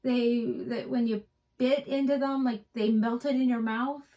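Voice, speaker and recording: Middle-aged woman from west virginia, kinda high voice, rambles on telling stories in a stitching vlog. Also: fairly even intonation, a little slow, mellow. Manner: rambling, storytelling, chatty. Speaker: cross-stitch vlog co-host. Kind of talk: casual chat.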